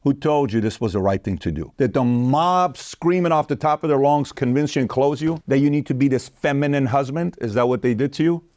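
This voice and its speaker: A man hosting an opinion commentary, talking straight to viewers in an animated, mocking way. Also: medium pitch, fairly quick, hardly any pauses, no echo, clean studio sound. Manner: animated, mocking, acts out quoted women in a raised voice; addresses viewers directly. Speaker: host.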